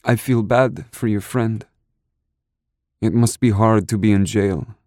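A man voicing a fragile young woman who hides a secret, speaking softly and hesitantly in an audiobook. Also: lowish voice, a little slow, no room sound, clean studio sound, voice pushed up, natural voice.

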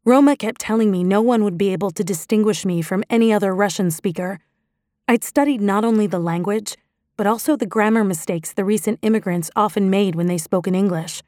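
A woman narrating a first-person novel in a steady, introspective storytelling voice. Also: medium pitch, brisk, no room sound, clean studio sound. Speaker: audiobook narrator.

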